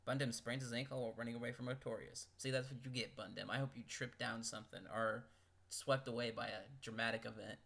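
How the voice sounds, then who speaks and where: A man's voice: medium pitch, steady tone, fast talker, vocal fry, fairly bright tone. A man reading out game events and making wry, joking comments between them, as a video host. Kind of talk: casual commentary.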